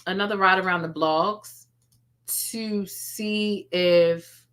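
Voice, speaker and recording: A woman's voice: mid-range voice, fairly even intonation, slow, fairly bright tone. A woman hosting a casual live stream, chatting and thanking viewers by name, laughing and teasing often. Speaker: YouTube livestream host.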